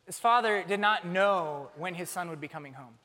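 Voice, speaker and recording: Give me a young male pastor preaching with animated humor, his voice ringing in a large reverberant hall. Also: high voice, normal speed. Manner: animated storytelling with self-mocking humor. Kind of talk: sermon.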